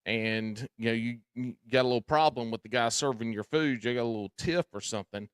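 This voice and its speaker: A man with a Southern drawl chats casually as a podcast host, telling folksy stories and swearing freely. His voice sits at a middling pitch and comes across dry and close, with no room sound. He talks with easy, lively energy. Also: brisk, smooth, no echo.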